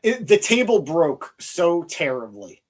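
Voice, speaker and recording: His voice sits on the high side with an unhurried, sing-song lilt as he recaps wrestling on his podcast. The young host talks with warm enthusiasm and turns things over to his co-host.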